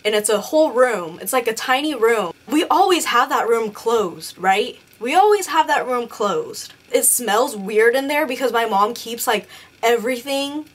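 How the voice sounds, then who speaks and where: A woman's voice: a little high, unhurried. A young woman telling a ghost story in a casual vlog, rambling and swearing constantly. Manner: profane, rambling, animated storytelling. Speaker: beauty vlogger.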